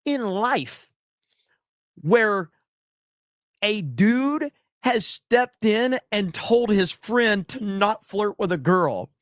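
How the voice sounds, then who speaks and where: Livestream host, male, blunt and profane, raised pitch, dry close sound. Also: fairly bright tone, no echo. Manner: profane, blunt, fast bursts of ranting. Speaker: livestream host reading chat. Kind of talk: ranting livestream chat.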